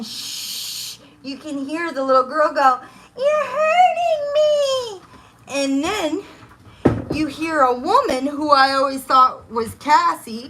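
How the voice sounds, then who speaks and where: A woman's voice: sits high, bright, forceful tone, a little hiss or hum. A woman talking on a phone livestream from her home kitchen, swearing often and ranting in a heated, agitated way. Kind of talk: casual livestream chat.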